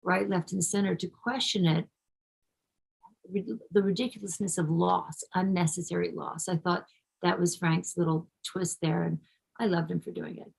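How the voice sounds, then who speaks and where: A woman's voice: fairly low pitch, steady tone, normal speed, creaky, breathy edge, rough recording. A middle-aged actress being interviewed, talking effusively and casually, often restarting her sentences.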